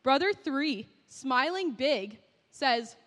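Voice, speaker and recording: A woman's voice: high voice, expressive, slow, fairly bright tone, in a large hall. A woman narrating and directing a Bible skit, coaching the actors cheerfully and often laughing.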